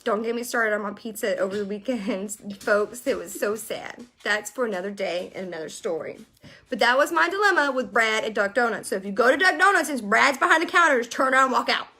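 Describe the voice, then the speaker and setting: A young woman telling a story casually to her viewers, animated and exasperated as she vents. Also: a little high, a little fast. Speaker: vlogger.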